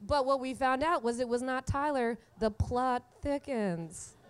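Twenty-something woman doing a funny storytelling set, high voice, laughs a lot. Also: a little slow, clean tone. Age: 20s. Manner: animated, laughing through punchlines. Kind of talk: live comedic storytelling.

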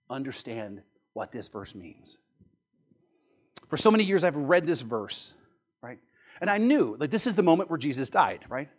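A man preaching a sermon in an earnest, explanatory way, often asking "right?" and building to strong emphasis. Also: a little high. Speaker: pastor.

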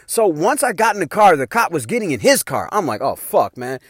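A middle-aged man spins a story in loose, cursing street slang, his pitch leaping high and dropping low as he acts out the scene. His voice sits a little above the usual male range. The recording is close and dry, with no room sound. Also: brisk, husky, dry recording. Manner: profane, animated, slangy street talk. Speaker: podcast host telling a story. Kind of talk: casual storytelling monologue.

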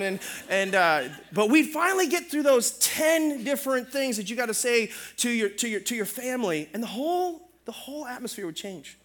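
A middle-aged male pastor preaching a sermon in an animated, humorous way, calling out for amens. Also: very high-pitched, a little fast.

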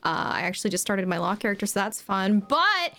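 A woman's voice: medium pitch, very animated, brisk, pushed and bright. A woman who is a voice actor and streamer, chatting enthusiastically as she signs off. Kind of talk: casual stream sign-off.

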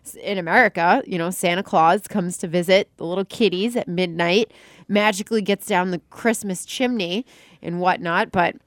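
A woman's voice: on the low side, moderate pace, dry recording, studio quality. A woman from Massachusetts co-hosting a podcast, chatting casually with a sarcastic, laughing manner. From Lynn, Massachusetts. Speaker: podcast co-host.

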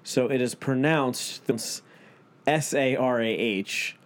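A man's voice: medium pitch, slow. A man hosting a podcast, telling a story in casual chat, swearing a lot, laughing, and acting out what he and others said. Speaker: podcast host.

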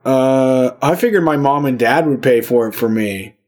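A man co-hosting a casual comedy podcast, making deadpan jokes and quick absurd riffs. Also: medium pitch.

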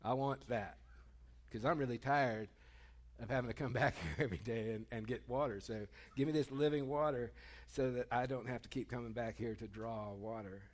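A woman at the well, speaking in breezy modern slang rather than formal scripture, as a male preacher paraphrases her. The voice keeps the preacher's plain, mid-pitched everyday tone and makes no attempt at a real character voice. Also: normal speed, lightly acted.

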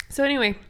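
A woman's voice: high-pitched, fairly bright tone. A woman co-hosting a podcast, casually improvising a bedtime story with a partner. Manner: casual, playful, trading lines with a partner. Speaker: podcast co-host.

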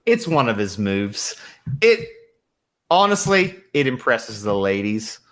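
A man narrating as game master of a tabletop game, relaxed with lots of fillers and laughs. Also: lowish voice, slow.

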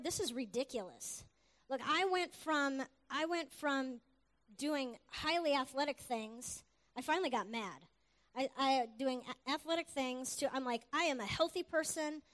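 A middle-aged woman preacher giving an earnest, animated sermon testimony. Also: fairly high pitch. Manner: earnest, animated, with quick asides and laughs.

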